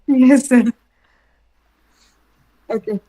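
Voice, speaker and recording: A woman student reading practice sentences in an online class over a call. Her voice is high, and she hesitates and corrects herself as she goes. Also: fairly even intonation, drawn-out words, dark tone, poor audio.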